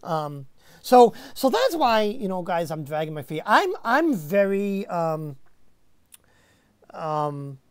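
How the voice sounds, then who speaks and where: A woman chats casually on a live stream, and her pitch swings all over as she rambles and teases. She giggles between thoughts. The sound is dry and close. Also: sing-song, takes it slowly, darkish tone, smooth, dry recording. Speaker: livestream host.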